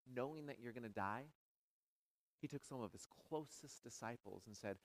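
Male pastor, mid-pitched, dramatic sermon delivery with loud builds and quiet falls. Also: expressive, moderate pace, dry recording, low-quality recording. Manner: preaching with dramatic rises and hushed drops.

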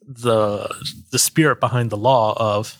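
A man's voice: on the low side, steady tone, a little slow. A man co-hosting a casual faith podcast, talking in a loose, rambling way with fillers and quoted asides. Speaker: podcast co-host. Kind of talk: casual chat about faith.

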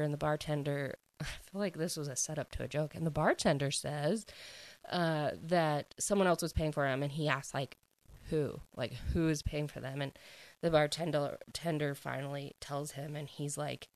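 A woman's voice: sits low, poor audio. A young woman casually retelling a book's plot in a chatty way, filling her speech with "like" and laughing now and then. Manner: chatty, heavy "like" filler, quick laughs. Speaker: book reviewer. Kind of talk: casual book recap.

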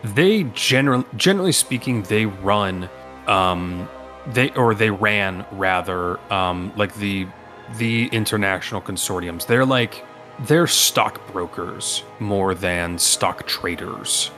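A man's voice: fairly low pitch, slow pace, bright, forceful tone, soft background music. A man running a tabletop role-playing game as game master, rambling with many ums and restarts.

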